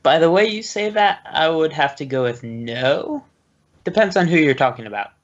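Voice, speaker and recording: A man's voice: on the high side, lively intonation, moderate pace, lo-fi sound. A man playing a tabletop game, talking in a dry, matter-of-fact way. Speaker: player.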